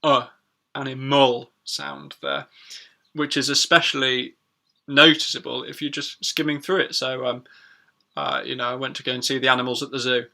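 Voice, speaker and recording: Male teacher, chatty, gravelly tone, live lesson. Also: mid-range voice, little pitch movement, bright, forceful tone. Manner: chatty, repeats words slowly for learners. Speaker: English teacher. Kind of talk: live-streamed pronunciation lesson.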